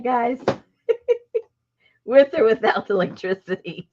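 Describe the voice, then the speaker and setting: Lively, unhurried woman crafting and chatting. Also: a little high, dull audio. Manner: chatty, thinks aloud while working. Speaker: crafting channel host. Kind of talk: casual chat while crafting.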